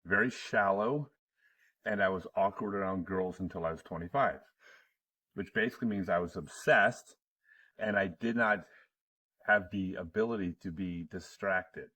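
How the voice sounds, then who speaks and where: Husky man, laughing often. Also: low-pitched, normal speed, sharp tone, recorded from a distance. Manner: laughs often while telling stories. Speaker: podcast host. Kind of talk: casual conversation.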